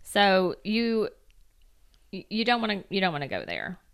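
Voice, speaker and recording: A middle-aged woman co-hosting a parenting podcast, talking in a playful, animated way and laughing easily. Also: mid-range voice, normal speed, gravelly, smooth. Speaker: podcast co-host. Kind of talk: casual chat.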